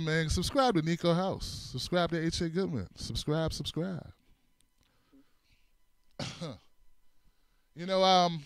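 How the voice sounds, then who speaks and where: A man's voice: a little high, a bit bright, dry recording, clean studio sound. A man hosting a comedic commentary show, laughing a lot, swearing casually and acting out scenes in different voices. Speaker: show host.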